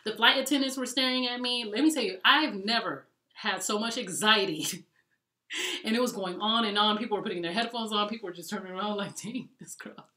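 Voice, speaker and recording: A woman's voice: medium pitch, brisk. Chatty woman vlogger in an echoey room. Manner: chatty, animated, addresses viewers as y'all. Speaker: vlogger giving pet travel tips. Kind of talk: casual storytelling vlog.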